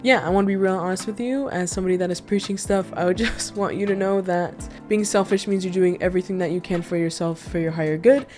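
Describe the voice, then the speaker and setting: A woman's voice: on the low side, quick pace, few pauses. Candid young woman chatting, faint music. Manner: candid, animated storytelling with frequent asides. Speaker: vlogger. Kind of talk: casual chat. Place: indoor room.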